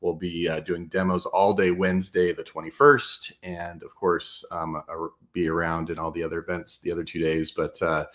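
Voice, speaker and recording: Deep-voiced joking man. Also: little pitch movement, a bit bright. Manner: joking, quick asides. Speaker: project representative. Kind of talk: casual online chat.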